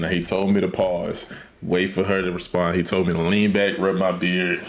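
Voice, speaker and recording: A man's voice: deep voice, flat delivery, moderate pace, roomy sound. A man hosting a casual livestream, talking to chat in a laid-back way and often repeating his words. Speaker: streamer host.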